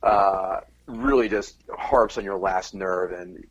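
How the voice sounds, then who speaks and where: A man from Central New Jersey, a comedian guest on a podcast, telling animated, profane stories in casual chat. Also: sits low, slow pace, slightly rough, poor audio.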